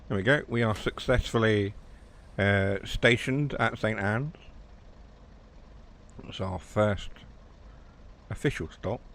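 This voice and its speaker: A man from South West England with a West Country accent streams a train game, offering casual live commentary, rambling and poking fun at himself now and then. His voice is lowish and a bit bright, and he talks slowly with frequent pauses. There's slight background noise.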